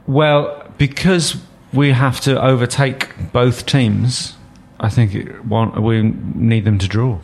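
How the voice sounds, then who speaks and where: A man hosting a relaxed podcast, talking at a middling pitch. He steers the conversation and slips in dry, wry asides. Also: slow, few pauses. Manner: leads the talk, dry joking asides. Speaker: podcast host. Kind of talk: casual podcast chat.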